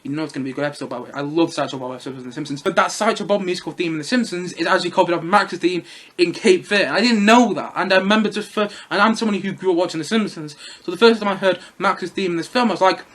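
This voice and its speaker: Fast-talking, high-voiced man. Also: a bit bright. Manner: rambling, enthusiastic, repeats himself. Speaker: film reviewer. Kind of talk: casual spoken film review.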